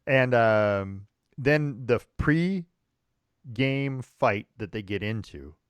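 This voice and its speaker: A man's voice: mid-range voice, expressive, extremely slow, clean tone, dry recording. A man co-hosting a sports podcast, chatting casually with many fillers and restarts. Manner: rambling, frequent restarts and fillers, chuckling. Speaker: podcast co-host.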